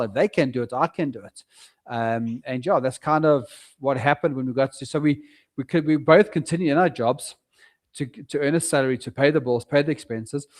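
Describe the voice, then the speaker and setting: A middle-aged South African man, a property investor, telling his story animatedly in a casual podcast interview. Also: medium pitch. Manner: animated storyteller, acts out his own past words.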